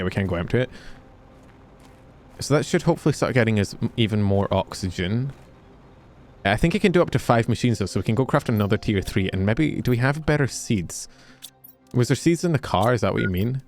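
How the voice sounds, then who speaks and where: A man's voice: medium pitch, lively intonation, a little fast, darkish tone, soft background music. A Scottish man streaming a game, chatting casually with his viewers, joking and swearing freely as he plays. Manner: chatty, joking, swears freely, talks to chat while playing.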